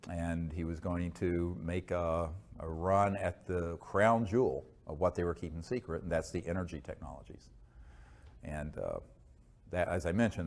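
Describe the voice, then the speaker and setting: Low-voiced man lecturing earnestly. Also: a little mellow. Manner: earnest, unhurried, many fillers and restarts. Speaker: speaker answering audience questions. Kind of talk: lecture and Q&A talk.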